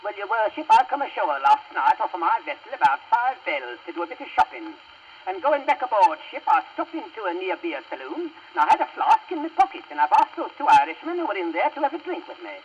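A man's voice: high-pitched, sing-song, a little fast, background noise, pitched below the performer's own voice. Man doing a wordy British sailor. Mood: aggrieved. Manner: long-winded, polite storyteller. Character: British ship's quartermaster, middle-aged man, wordy. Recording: muffled old record.

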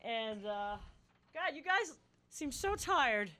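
A woman's voice: high voice, big pitch swings, takes it slowly, over a noisy crowd. A woman hosting a radio show, chatting casually with a band, laughing often and restarting her sentences. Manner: giggly, chatty, many restarts. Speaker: radio host.

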